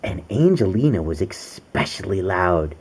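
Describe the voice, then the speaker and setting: With a low-pitched, sing-song voice that's a little mellow and breathy, a man takes his time reading a picture book to his young daughter. He stays playful throughout, sprinkling in animal noises and questions directed at the child.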